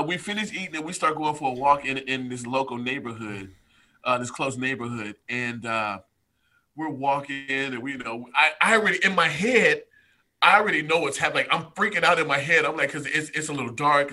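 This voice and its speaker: A man from the United States tells a story as a podcast guest, talking straight to his listeners with lively energy. His voice is bright and forceful, pitched a bit high for a man. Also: brisk. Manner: animated storyteller, addresses listeners directly. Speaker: podcast guest, strength coach. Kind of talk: casual chat, storytelling.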